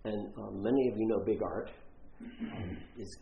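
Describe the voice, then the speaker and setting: A man's voice: on the low side, unhurried, gravelly, slight background noise. A man preaching a sermon as a pastor, telling a story and acting out the voices of the people in it. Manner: storytelling with acted-out quotes. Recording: roomy, slightly dull church recording.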